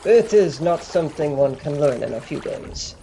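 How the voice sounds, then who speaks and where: A man voicing a gruff, formal male ship captain in a tabletop role-play, speaking in clipped sentences. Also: fairly high pitch, expressive, moderate pace, mellow, a little hiss or hum. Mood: formal, terse.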